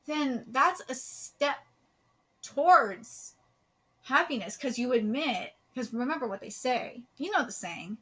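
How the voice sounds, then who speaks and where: A woman's voice: high-pitched, expressive, slow pace, a bit bright, rough recording. A woman hosting a live manga reaction, talking in an earnest, heartfelt way and rambling with restarts. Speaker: host reacting to a manga chapter.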